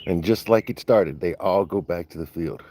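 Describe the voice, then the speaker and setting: A man's voice: normal speed, dark tone, a little hiss or hum. A man vlogging casually outdoors on a cattle farm, talking in a playful, slangy, teasing way. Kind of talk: casual vlog chat. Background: cattle lowing nearby.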